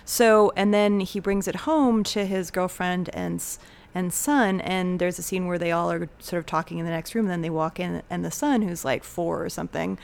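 A woman's voice: fairly low pitch, steady tone, moderate pace, gravelly. A woman co-hosting a film podcast, chatting casually with a dry, teasing manner and recounting scenes. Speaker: podcast co-host. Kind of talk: casual chat.

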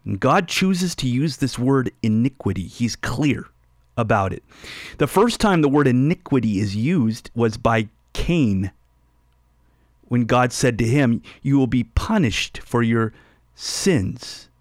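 A man teaching the Bible on a call-in radio show, leaning hard on key words and repeating them. He speaks slowly in a middle-pitched voice. His studio microphone gives a close, dry sound. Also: lively intonation, darkish tone, no echo. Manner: emphatic, stresses and repeats key phrases.

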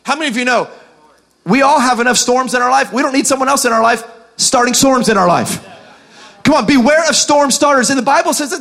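A male pastor preaching a sermon to a church service, building to shouts and urging the congregation. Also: extremely high pitch. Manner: preaching with rising shouts and call-and-response urging.

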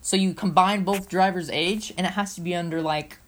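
A woman co-hosting a casual motorsport podcast, talking in an excitable, rambling, playful way. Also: on the low side, fairly quick. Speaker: co-host.

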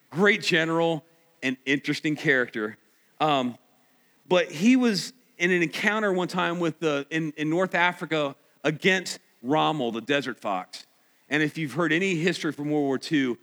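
A man preaching a sermon as pastor, emphatic and at times near shouting. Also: on the high side. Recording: echoey hall.

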